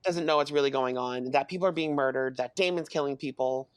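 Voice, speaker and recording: A man's voice: mid-range voice, a little fast, smooth, no echo. A man co-hosting a podcast, chatting casually and rambling, with many "like" fillers. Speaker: podcast co-host. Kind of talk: casual chat recapping a TV episode.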